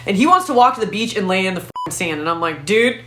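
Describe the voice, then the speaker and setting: A woman comedian telling a profane, animated story in stand-up style. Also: mid-range voice, racing. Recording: roomy echo.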